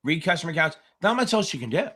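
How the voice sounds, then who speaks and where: A man's voice: a little high, sing-song, very fast, a bit bright, slightly rough. A man tutoring exam candidates on a livestream Q&A, speaking bluntly and with frequent swearing. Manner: blunt, profane, emphatic. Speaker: exam tutor hosting a live Q&A. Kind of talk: livestream Q&A chat.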